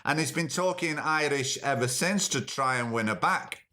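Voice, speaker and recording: A man's voice: medium pitch, moderate pace, pushed and bright. A man hosting a comic podcast, chatting in a dry, jokey way and interrupting himself as he reads out news. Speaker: podcast host. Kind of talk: comic monologue and phone bit.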